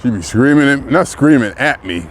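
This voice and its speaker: A man in his early sixties talks bluntly in a relaxed vlog monologue, often breaking into a chuckle. His voice sits at an ordinary pitch. He is out walking, with faint traffic heard behind him. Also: moderate pace. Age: 60s. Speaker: vlogger. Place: outdoors, walking.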